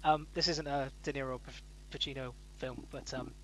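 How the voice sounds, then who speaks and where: A man's voice: medium pitch, fairly even intonation, fairly quick, a little hiss or hum, rough recording. A man hosting a casual chat, laughing often and using many fillers. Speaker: podcast host.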